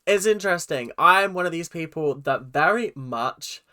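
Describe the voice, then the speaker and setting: A man's voice: on the high side, lively intonation, moderate pace, few pauses, pushed and bright. A man hosting a reaction video, chatting casually and exaggerating with mock voices.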